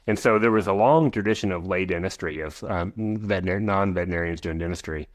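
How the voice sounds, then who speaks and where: A man's voice: sits low, fast, no room sound. A man in his forties, an equine veterinarian and guest on a podcast interview, rambling with frequent restarts and asides.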